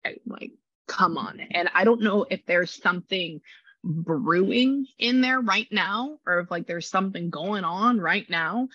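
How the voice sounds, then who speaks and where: A woman giving a casual psychic reading, talking in an animated, rambling way full of exclamations. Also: mid-range voice, unhurried, no echo, muffled recording. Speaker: psychic medium.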